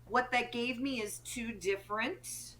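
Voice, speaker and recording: A woman's voice: a little high, unhurried, fairly bright tone. A woman co-parenting coach, a guest on a podcast, explaining her point earnestly. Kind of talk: conversational interview.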